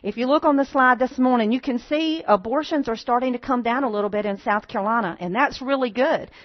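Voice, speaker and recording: A woman's voice: on the high side, a little fast. A woman addresses a church congregation in an earnest, folksy way, often turning to her listeners for agreement. The sound is dry, with no room echo, and a little dull, as if slightly muffled. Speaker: pregnancy center speaker at a church. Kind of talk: church talk with slides. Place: church sanctuary.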